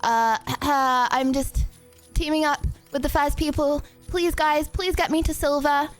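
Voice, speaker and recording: A young English woman streaming a game, chatting bubbly and fast with lots of fillers and giggles. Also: sits high, steady tone, faint music behind. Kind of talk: casual live-stream chatter.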